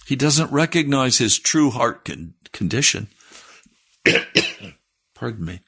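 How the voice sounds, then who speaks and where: Husky-voiced man preaching. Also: medium pitch, very animated, slow pace, sharp tone. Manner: earnest preaching, rising to fervent emphasis. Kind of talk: sermon.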